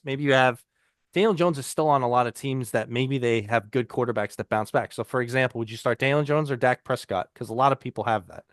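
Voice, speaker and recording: A man co-hosting a fantasy football show, loose and conversational, often restarting his sentences. His voice sits at an ordinary middle pitch. It is recorded close and dry, with no room sound. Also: no room sound. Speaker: podcast co-host. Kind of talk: casual fantasy football chat.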